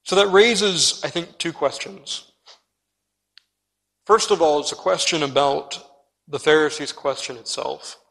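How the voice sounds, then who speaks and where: A man preaching with an earnest, emphatic delivery, speaking straight to his congregation. His voice sits a little high for a man. A long reverb trails each phrase, as in a large church. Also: a little slow, vocal fry, long pauses, fairly bright tone. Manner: addresses listeners directly. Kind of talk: expository sermon.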